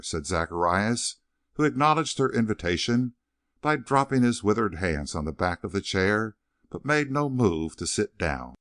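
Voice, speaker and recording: A man narrates a western novel with expressive storytelling, his low voice rising and falling in lively swings. He is recorded close on the mic, and the sound is dry with no room echo. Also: moderate pace. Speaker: audiobook narrator.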